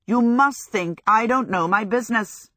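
A woman's voice: mid-range voice, moderate pace, a bit bright, dry recording, clean studio sound, voice pushed up, close to an everyday voice. A woman doing a vain, dramatic young wizard. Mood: irritated. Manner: theatrical, irritable.

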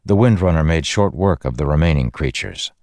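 A man narrating a fantasy audiobook in a steady, measured storytelling style. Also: very deep voice, no room sound, clean studio sound.

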